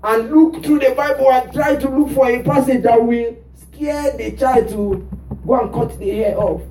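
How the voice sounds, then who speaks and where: High-voiced preacher calling to his congregation. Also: a little slow, a little mellow, far from the mic, a little hiss or hum. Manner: call-and-response preaching, rhetorical "what?" prompts. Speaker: pastor. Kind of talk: sermon. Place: church. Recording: roomy church sound from off mic.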